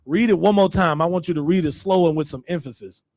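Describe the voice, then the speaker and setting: Man, high voice, stern and emphatic religious teacher, dry close sound. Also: fast, a little mellow, no echo. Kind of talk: scripture lesson.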